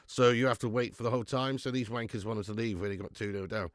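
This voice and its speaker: A man's voice: on the low side, fast, no room sound, clean studio sound. A man hosting a live football watch-along, sick with flu, talking bluntly and swearing as he banters with viewers. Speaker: football fan channel host.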